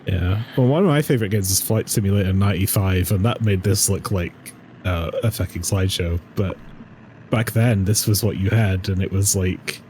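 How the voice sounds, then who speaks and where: A man's voice: low voice, normal speed, a little mellow, slight background noise, low-quality recording. A man joking and swearing while chatting with friends on a gaming stream. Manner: wisecracking, swearing. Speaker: stream co-host. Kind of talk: casual group banter over a game.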